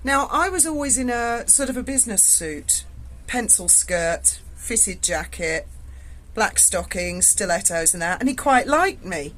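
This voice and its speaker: A woman's voice: mid-range voice, lively intonation, measured pace, a bit bright. A woman, telling a frank, salty story to her viewers from indoors at home. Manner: chatty, frank and salty, with swearing. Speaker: vlogger.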